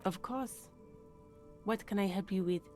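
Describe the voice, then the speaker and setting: A composed young woman in a detective game, played by a woman, polite and calm, with a mid-pitched, even voice. Soft music sits faintly behind her. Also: a little slow, close to an everyday voice.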